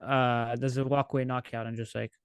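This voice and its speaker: A man's voice: mid-range voice, flat delivery, a little fast, clean tone, no room sound. A man co-hosting a podcast in casual chat, joking and laughing as he talks. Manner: joking, laughs while talking. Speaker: podcast co-host.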